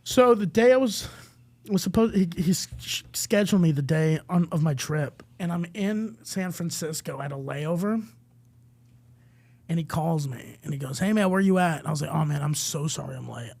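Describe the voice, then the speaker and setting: Young guy on a podcast, kinda high voice, swearing, acting out the people in his stories, dry room. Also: moderate pace, dry recording. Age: young adult. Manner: animated storyteller, swears freely, acts out quoted voices. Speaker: podcast co-host. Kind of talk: casual storytelling chat.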